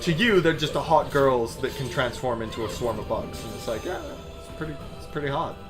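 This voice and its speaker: A young man on a gaming stream with a voice of ordinary pitch. He talks things through carefully and analytically, qualifying his points. Faint game music runs in the background. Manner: measured, analytical, hedging. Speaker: streamer co-host. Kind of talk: casual gaming chat.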